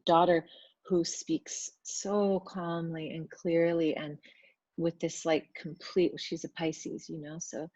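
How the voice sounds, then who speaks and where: Woman spiritual speaker, lowish voice, chatty and filler-heavy, dry dull recording. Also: level tone, slow, no echo. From Italian family background. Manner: loose and chatty, with many fillers; works at speaking gently. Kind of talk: casual spiritual talk to viewers.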